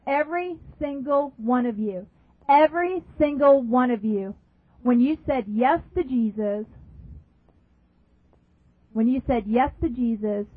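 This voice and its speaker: A woman delivers a sermon in a high voice, pressing her points by repeating them and asking the listeners questions. The sound is narrow and phone-like, with a dry, close feel and no room echo. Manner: emphatic, repeats phrases, asks the audience questions. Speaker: preacher.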